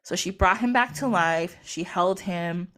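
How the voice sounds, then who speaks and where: A woman's voice: lowish voice, unhurried, a bit bright. A woman retelling a myth in casual storytelling style, chatty, acting out the characters through quoted dialogue. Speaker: podcast host or guest.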